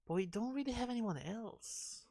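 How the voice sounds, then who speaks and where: A man's voice: high voice, expressive, normal speed, vocal fry, dark tone. A man streaming a game, chatting casually and musing aloud, asking himself questions. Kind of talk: casual gaming commentary.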